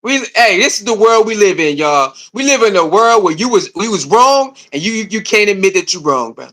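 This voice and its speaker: Animated high-pitched streamer man. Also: a little fast. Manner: animated, repetitive, laughing, slangy; mocking, heated. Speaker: streamer reacting to a video. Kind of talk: casual live-stream commentary.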